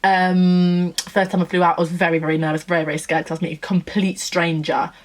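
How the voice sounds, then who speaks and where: A woman's voice: on the low side, little pitch movement, quick pace. A woman in her twenties from England, telling a story in a gushing, chatty vlog style and acting out what people said. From Nottingham, England. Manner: chatty, gushing, acts out quotes. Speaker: vlogger. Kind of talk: casual storytelling chat.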